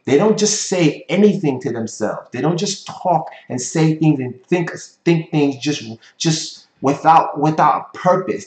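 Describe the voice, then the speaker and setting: Male business coach lecturing at a whiteboard; insistent, repetitive delivery, a touch high-pitched, echoey room. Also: darkish tone. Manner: emphatic, repeats points, frequent "right?" tag questions. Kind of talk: motivational lecture.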